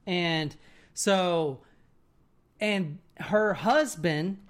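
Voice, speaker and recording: Brief: casual podcast storyteller, mid-pitched voice, rambling and profane, keeps asking "right?". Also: drawn-out words. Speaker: podcast co-host telling a story.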